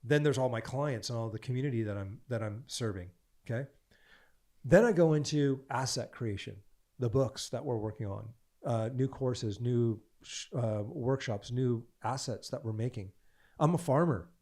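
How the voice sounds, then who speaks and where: A podcast guest with a mid-range male voice talks with preachy conviction, stacking one repeated phrase after another as he coaches. His delivery is emphatic and animated, the rhythm of someone used to preaching a point. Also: mid-range voice, moderate pace.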